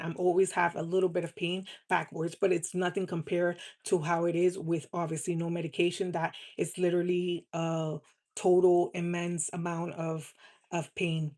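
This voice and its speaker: A woman's voice: lowish voice, level tone, normal speed, a little mellow. A woman talking earnestly and from the heart on a casual live stream, often repeating words for emphasis. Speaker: live streamer selling cosmetics.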